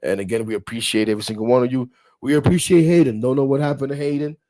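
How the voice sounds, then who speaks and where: A man's voice: medium pitch, fairly even intonation, fast, dark tone. A man hosting a live sports talk show, rambling bluntly, swearing casually and talking straight to his viewers. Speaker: podcast host.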